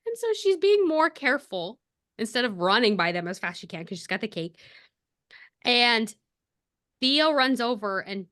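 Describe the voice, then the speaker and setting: Woman podcast co-host, animated storytelling, laughs often, slightly high voice. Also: a little slow, long pauses. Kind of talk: casual chat retelling a story.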